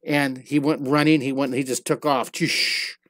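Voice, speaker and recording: A man's voice: mid-range voice, flat delivery, moderate pace, no echo, clean studio sound. A man teaching a live online drawing lesson, chatting playfully and telling silly stories as he draws. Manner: playful, storytelling while drawing.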